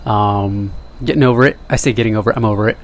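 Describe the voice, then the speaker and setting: A man's voice: on the low side, quick pace. A young man talking casually to camera in a rambling monologue, joking at his own expense and wandering into side remarks. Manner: jokey, self-deprecating, wandering asides. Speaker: vlogger.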